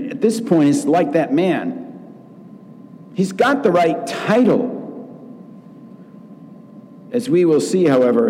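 A man preaching a sermon as pastor, acting out quoted lines with lively changes of voice. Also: medium pitch, slight background noise. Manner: slow, animated preaching with acted quotes. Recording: long reverb in a large room.

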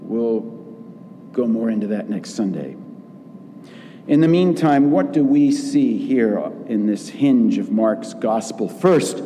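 A man preaching a sermon as pastor, acting out quoted lines with lively changes of voice. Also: fairly low pitch, slight background noise. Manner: slow, animated preaching with acted quotes. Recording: long reverb in a large room.

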